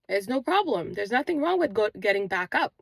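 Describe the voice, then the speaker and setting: Gravelly-voiced woman preaching spiritual encouragement. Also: medium pitch, big pitch swings, a little fast, no room sound. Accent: non-native English accent, origin unstated. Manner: earnest, repetitive preaching cadence. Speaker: manifestation channel host. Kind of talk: spiritual motivational talk. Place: outdoors on a morning walk.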